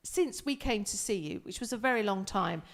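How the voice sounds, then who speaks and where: A woman's voice: medium pitch, animated, a little fast, big-room sound. A woman co-hosting a live music stream, teasing her partner and sending cheerful greetings to viewers. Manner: teasing, warm-hearted, cheerfully chiding. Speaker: co-host. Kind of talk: casual live-stream chat.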